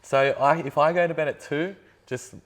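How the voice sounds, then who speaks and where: A man's voice: a little high, steady tone, moderate pace. An Australian man talking as a guest in a casual chat, laid-back and swearing freely as he tells stories. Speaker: guest entrepreneur.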